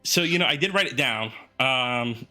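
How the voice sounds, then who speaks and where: Bright, jokey man playing a tabletop game. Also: medium pitch, expressive, normal speed, faint music behind. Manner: jokey, laughs often. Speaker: player. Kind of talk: casual chat.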